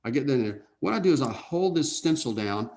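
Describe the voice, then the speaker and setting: A man teaching an airbrush painting lesson in a relaxed way, thinking out loud and often checking in with "okay?". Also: medium pitch, quick pace. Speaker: art instructor. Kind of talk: casual painting demonstration.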